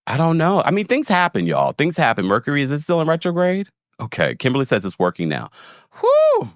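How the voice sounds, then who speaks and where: Animated man hosting a livestream. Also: fairly high pitch, fast talker, no echo, clean studio sound. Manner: animated, laughing, talks straight to viewers. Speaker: livestream recap host reading chat. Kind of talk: casual livestream chat.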